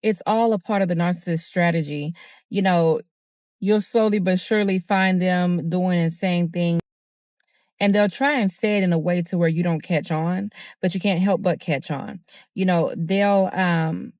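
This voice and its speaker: A woman's voice: lowish voice, moderate pace, darkish tone, no room sound. A woman hosting a motivational talk, speaking earnestly and repeating herself, with many fillers. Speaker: host.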